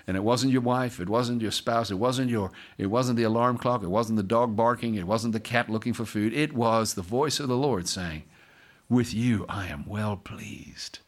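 A pastor reading scripture aloud during a sermon, breaking off often to comment and joke with the congregation. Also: male voice, mid-range voice, moderate pace, few pauses.

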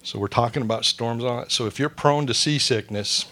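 A man preaching a sermon in church, mixing quick jokes with plain teaching and dropping to a soft, hushed voice when he prays. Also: medium pitch. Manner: joking asides, drops to a soft hush for prayer. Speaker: pastor.

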